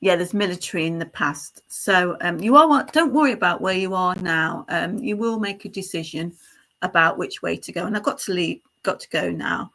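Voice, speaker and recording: A woman with a bright, clear voice gives a live psychic reading. She talks in a halting, meandering flow, full of fillers and self-corrections. She keeps checking in with the sitter, asking "isn't it?" and "don't you?". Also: lowish voice. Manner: halting, stream-of-consciousness delivery with many fillers and restarts; addresses the sitter directly, checking in with tag questions. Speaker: psychic medium.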